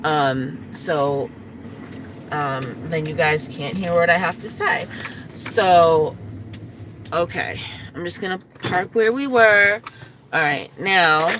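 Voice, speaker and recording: Slow-talking woman vlogging from a car. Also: on the low side, noisy background. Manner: rambling, halting with many restarts and fillers. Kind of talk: casual vlog commentary. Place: inside a parked car. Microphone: phone.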